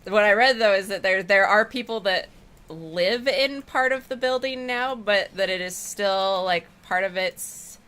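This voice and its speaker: A woman's voice: medium pitch, measured pace, fairly bright tone. A woman streamer chatting casually with her viewers while she plays a game, rambling and affectionate. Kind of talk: casual chat while gaming.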